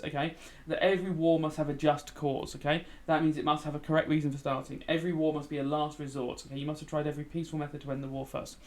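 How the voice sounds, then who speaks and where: A man gives a relaxed revision lesson as he plays a game, sounding a little tired and yawning at times. His voice sits a touch high, and he keeps checking in with "okay?" while keys clack behind him. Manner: chatty, frequent "okay?" check-ins, talks while typing. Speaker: teacher.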